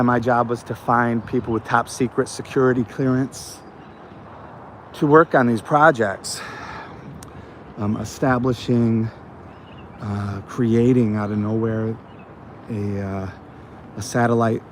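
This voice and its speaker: An American channel host, getting over a cold, walks through an outdoor botanical garden in the evening for a casual vlog. His voice is mid-range, with slight background noise, and he tells stories in a rambling way with many fillers.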